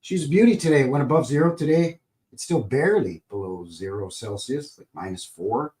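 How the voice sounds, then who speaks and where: A man's voice: a little high, darkish tone. A man from Calgary hosting a casual livestream, joking, rambling and greeting viewers by name in a folksy way. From Calgary, Alberta, Canada. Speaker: livestream host.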